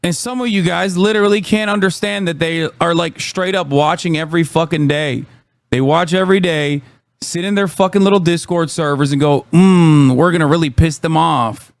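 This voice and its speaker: A man's voice: fairly high pitch, brisk, no echo. A man live-streaming, ranting about chat trolls in heated, profane, sarcastic commentary.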